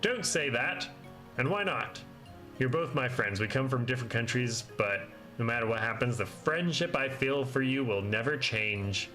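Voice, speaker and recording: A man's voice: medium pitch, lively intonation, normal speed, sharp tone, soft background music. A man voicing an earnest, loyal young princess in a lifted, heartfelt reading.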